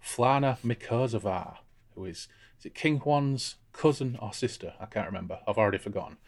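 A man's voice: lowish voice, lively intonation, fast talker, husky. A man hosting a casual book discussion podcast, irreverent and jokey. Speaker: podcast host.

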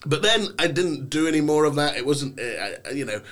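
Speaking briskly on the high side, the young man from England spins stories as a guest on a relaxed podcast. He performs them theatrically, putting on playful voices.

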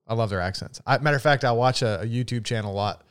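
A man's voice: mid-range voice, quick pace, smooth. Laid-back Southern man, casual chat. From American South. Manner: laid-back, swears freely, laughs often. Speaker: podcast co-host.

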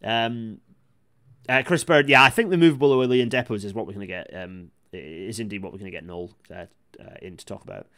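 A man hosting a casual livestream. He reads the chat aloud, rambles with many restarts, and breaks into excited outbursts. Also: fairly low pitch, fairly quick. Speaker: live-stream host reading chat. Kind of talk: casual live-stream commentary.

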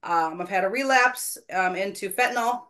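A woman's voice: mid-range voice, normal speed, bright, forceful tone. A woman talks through a personal church story on a faith podcast. She is earnest and a little self-deprecating, and she acts out what people said in a mid-range voice. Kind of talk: casual faith conversation, storytelling.

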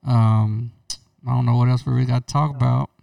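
A man's voice: medium pitch, steady tone, a little fast, vocal fry, warm tone, clear, resonant tone, no room sound, distant mic. A man co-hosting a casual podcast chat, brash and joking, swearing often. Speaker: podcast co-host.

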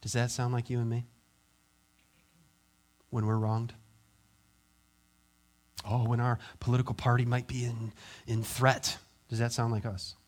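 A pastor preaching a sermon, acting out quoted voices and dropping to quiet intensity. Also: male voice, medium pitch, little pitch movement, a little slow, pauses often.

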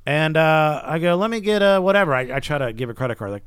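Guy on a podcast, tells stories all animated, pitch jumps everywhere, dry close mic. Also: fast, clear, resonant tone, no room sound. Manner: animated storyteller, acts out quoted people. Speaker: podcast host. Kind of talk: casual storytelling chat.

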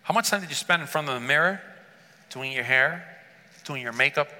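A man's voice: fairly high pitch, a little fast, pushed and bright, long reverb tail. A man preaching a sermon to a congregation, earnestly asking them rhetorical questions. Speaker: pastor. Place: church sanctuary.

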